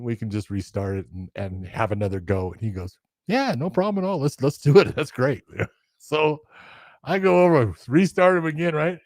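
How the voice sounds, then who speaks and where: Animated storytelling man, dry close mic. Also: fairly high pitch, no echo. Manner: animated, acts out quotes with laughter. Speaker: podcast co-host and referee. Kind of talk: casual storytelling.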